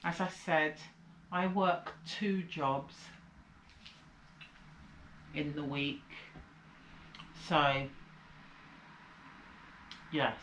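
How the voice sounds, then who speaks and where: A woman's voice: low voice, drawn-out words, pauses often, a bit bright, echoey room, slight background noise, low-quality recording. A woman from the UK chatting casually through a haul vlog, sounding tired and rambling, with a slight cold coming on. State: slight cold, sucking a lozenge. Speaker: vlogger. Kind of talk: casual chat.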